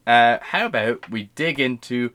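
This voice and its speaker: A man's voice: mid-range voice, animated, a little slow, a bit bright. A man co-hosting a podcast in casual chat, rambling and swearing freely with lots of fillers and restarts. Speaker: podcast co-host.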